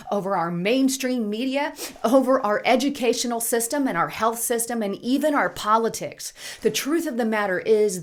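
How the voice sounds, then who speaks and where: A woman hosting a political commentary channel, speaking urgently and indignantly while reading headlines. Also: mid-range voice. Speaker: channel host.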